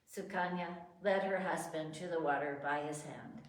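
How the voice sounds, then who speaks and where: A woman reading a sacred story aloud in a measured way, heard from far off in an echoey hall. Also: lowish voice, fairly even intonation. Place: ashram hall.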